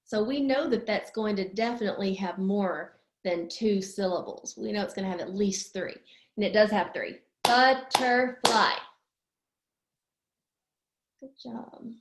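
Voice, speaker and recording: A woman teaching young children a lesson, slowly stretching words out syllable by syllable. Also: medium pitch, darkish tone, roomy sound. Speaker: preschool teacher.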